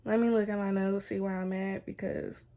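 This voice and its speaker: A woman's voice: mid-range voice, little pitch movement, normal speed, dark tone. A woman telling a personal story to her viewers in a casual vlog, chatty and loose, peppering her talk with "like" and "y'all". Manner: chatty, heavy use of "like" and "y'all". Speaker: vlogger.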